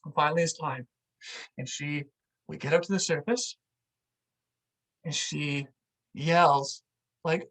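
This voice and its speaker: A vlog host telling a story out loud in a casual, animated way, full of "like"s and acting out what others said. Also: medium pitch, slow, pauses often, low-quality recording. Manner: animated, filler-heavy with many "like"s, acts out what people said.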